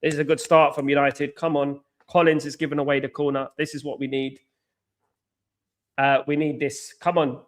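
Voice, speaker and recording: Host: young guy, fan watchalong, excitable, slightly high voice, groans and shouts at the game. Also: normal speed. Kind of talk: live football watchalong commentary.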